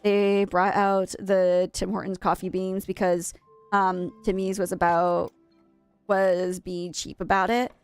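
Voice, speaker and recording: A woman's voice: on the low side, level tone, takes it slowly, clear, resonant tone, soft background music. A young woman from Maine chatting casually with viewers while she streams a game, wistful and rambling, often correcting herself mid-sentence. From USA (Maine).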